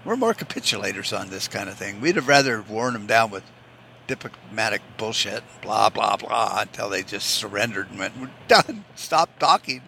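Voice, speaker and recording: A man's voice: lowish voice, moderate pace, gravelly, bright, forceful tone, a little hiss or hum. A man hosting a solo podcast, talking bluntly and sarcastically with lots of swearing, and slipping into mocking voices for the people he quotes. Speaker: podcast host. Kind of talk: opinionated solo podcast rant.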